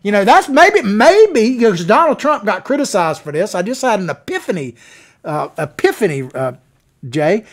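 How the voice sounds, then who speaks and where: A man's voice: sits high, big pitch swings, normal speed. A man hosting a political talk show, delivering opinionated commentary in a folksy, sarcastic way. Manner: folksy, sarcastic, mocking impressions.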